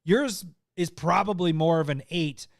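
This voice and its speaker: A man co-hosting a casual podcast chat, laughing often, excitable, often trailing off mid-sentence. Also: fairly high pitch, a little slow, creaky, no room sound, clean studio sound. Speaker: podcast co-host.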